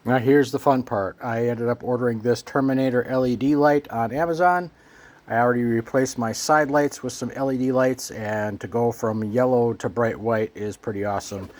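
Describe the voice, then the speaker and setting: A man's voice: medium pitch, normal speed. Easygoing man narrating a motorcycle fix. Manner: relaxed, plain-spoken, thinking aloud with restarts. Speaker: motorcycle owner showing a repair. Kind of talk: casual how-to narration.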